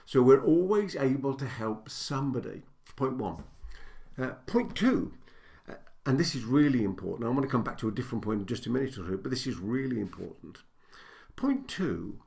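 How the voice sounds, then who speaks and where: A man's voice: medium pitch, creaky, a little mellow. An older man, a business coach, giving a direct-to-camera teaching talk, stressing his points and building them in repeated lists.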